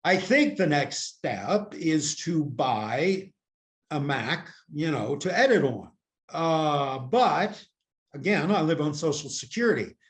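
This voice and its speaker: An older man from the United States tells long, wandering stories in a casual interview, poking fun at himself and leaning on "you know." His voice sits a little higher than most men's, and it comes through a laptop's built-in microphone. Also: expressive, slow pace. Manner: rambling, self-mocking storyteller with many "you know"s. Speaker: interview guest. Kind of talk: casual video-call interview chat. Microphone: laptop camera microphone.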